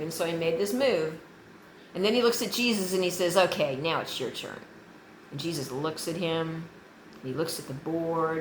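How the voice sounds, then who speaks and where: Lady vlogging to her viewers, kinda low voice, earnest, repeats herself a lot, echoey room. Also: slight background noise. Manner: earnest, encouraging, repeats phrases. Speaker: channel host. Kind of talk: casual faith vlog to viewers.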